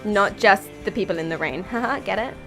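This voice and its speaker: A woman's voice: mid-range voice, brisk, fairly bright tone, soft background music. A young British woman streaming a game, chatting casually with viewers in a rambling, jokey, tangential way while sounding tired.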